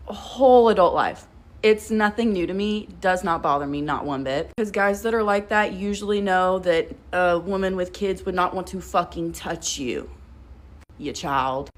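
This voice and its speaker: A woman's voice: medium pitch, a bit bright. A woman, telling a story in a blunt, sarcastic and profane casual storytime vlog. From Kentucky, US.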